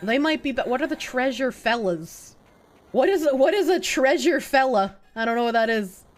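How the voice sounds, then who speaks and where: Her voice sits high and sounds animated at a moderate pace as this young woman livestreams a game. She jokes with chat while playing, keeping things casual and profane.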